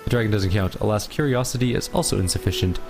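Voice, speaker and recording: A man voicing a playful, ancient fey gnome host in a video game playthrough, speaking in a measured, formal, riddling way. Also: on the low side, natural voice. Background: game music.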